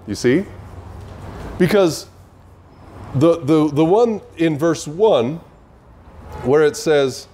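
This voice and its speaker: A man's voice: fairly high pitch, expressive, takes it slowly, pauses often, darkish tone, a little hiss or hum. A man teaching a Bible study, emphatic and full of rhetorical questions to his listeners.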